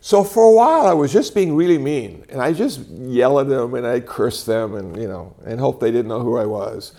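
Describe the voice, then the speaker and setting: A man's voice: mid-range voice, normal speed, vocal fry. A man in his sixties gives a conversational talk to a live audience, telling stories with wry humor. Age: 60s. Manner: animated storytelling with wry humor. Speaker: speaker giving a talk. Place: talk venue before an audience.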